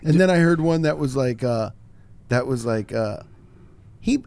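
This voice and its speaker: A man hosting a casual comedy podcast, telling stories in an animated, joking way. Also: mid-range voice, unhurried, creaky. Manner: joking, animated storytelling with laughs. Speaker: podcast host.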